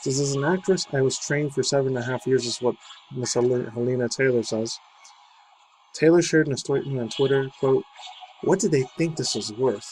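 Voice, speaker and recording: A man's voice: medium pitch, brisk, darkish tone, a little hiss or hum, low-quality recording. A man casually reading out a gaming news article, breaking off into rambling, slangy asides. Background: faint game music.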